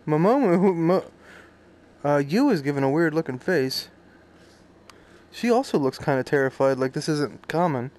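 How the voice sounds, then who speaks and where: A male streamer reads game subtitles aloud and breaks off into crude, joking asides. His voice sits somewhat high and swings widely in pitch. He swears freely and reacts loudly to what he sees. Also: expressive, moderate pace, pauses often. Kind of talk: casual let's-play commentary, reading subtitles aloud.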